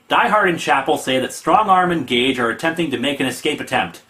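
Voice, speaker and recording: Brief: sharp, bright-voiced male host, sarcastic comic review. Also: fairly high pitch, quick pace, few pauses. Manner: snarky, mocking, animated.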